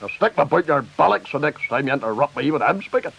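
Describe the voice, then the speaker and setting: A man's voice: fairly high pitch, expressive, fast talker, gravelly, fairly bright tone, husky, exaggerated voice. A man with a Northern Irish accent doing a comic impression of a ranting, foul-mouthed loyalist preacher-politician. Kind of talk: comic radio sketch impression. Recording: dull lo-fi tape with faint hiss.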